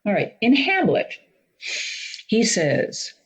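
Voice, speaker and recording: A woman's voice: mid-range voice, wildly swooping pitch, slow pace, muffled recording. A woman teaching drama, explaining Shakespeare performance step by step in an instructional talk.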